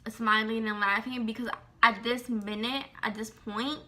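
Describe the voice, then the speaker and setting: A young woman telling a personal story in a casual vlog, animated and slangy, full of "like" and swearing. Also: a little high, a little slow.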